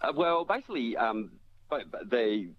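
A man's voice: mid-range voice, sing-song, moderate pace. A man explaining phone technology on a radio show, step by step, with frequent fillers and restarts. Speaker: tech commentator. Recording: dull lo-fi radio audio with faint hiss.

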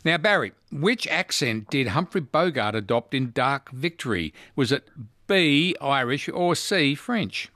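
A man hosts a talkback radio quiz. His voice is lively and animated, rising and falling as he teases his callers and cheers their right answers. The studio sound is dry and close. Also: medium pitch, unhurried, dry recording. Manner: chatty, teasing, enthusiastic.

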